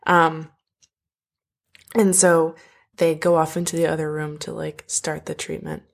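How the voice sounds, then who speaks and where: A woman's voice: low voice, a little slow, gravelly. A woman casually retelling an opera plot in a chat, acting out the characters' lines as she goes, with lots of "like". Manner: animated storytelling, acts out characters' quotes, frequent "like". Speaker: podcast co-host recapping an opera.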